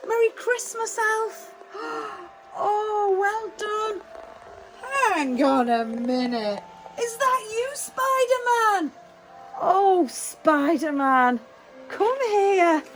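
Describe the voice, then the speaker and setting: A very high, slow-spoken woman with a Manx English accent leads little ones on a festive tour, greeting each thing with gasps and sing-song exclamations. Music plays clearly behind her. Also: lively intonation, low-quality recording. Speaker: children's singing group leader. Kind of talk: cheerful tour for toddlers.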